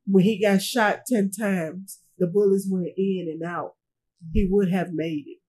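A middle-aged woman, a grieving mother, speaking in an interview in a halting way, often repeating herself and trailing off. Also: medium pitch, steady tone, warm tone, breathy edge, rough recording. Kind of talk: emotional interview testimony.

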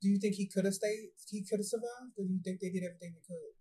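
A woman interviewer asking quiet, gentle questions from a distance. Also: medium pitch, very fast, husky.

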